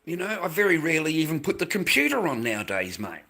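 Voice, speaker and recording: A middle-aged Australian man vlogs to camera in an angry, profane rant, stumbling over his words and repeating himself. His voice sits a little high and swings widely in pitch, with vocal fry and a sharp tone, and he talks fast.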